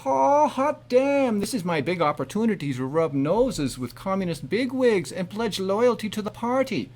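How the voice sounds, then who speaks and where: A man's voice: high-pitched, big pitch swings, moderate pace, darkish tone, pitched above the performer's own voice, heavily acted. A man putting on an eager middle-aged immigrant shopkeeper father who speaks broken English. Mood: excited.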